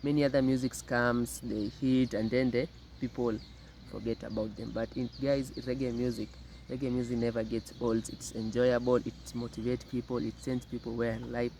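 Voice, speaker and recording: Mellow-voiced man hosting a reaction video. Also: medium pitch, level tone, slight background noise, rough recording. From Kenya. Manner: unhurried, repeats words often. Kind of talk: casual commentary.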